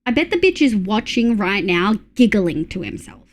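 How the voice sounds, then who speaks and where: A woman with an Australian accent chatting casually with her live-stream audience, reading chat messages and making quick asides. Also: medium pitch, very animated.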